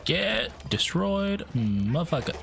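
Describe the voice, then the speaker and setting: A man's voice: very animated, takes it slowly, creaky, a bit bright, slight background noise. A man streaming a game, giving playful, casual commentary that is full of swearing. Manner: playful, swears often, swings his pitch.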